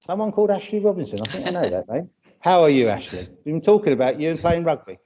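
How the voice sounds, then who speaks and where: British man, service leader, mellow voice, chatty, dull lo-fi stream audio. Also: a little high, sing-song, quick pace. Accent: British English. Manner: chatty, greets viewers by name. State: hay fever, runny nose. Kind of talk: leading a church service.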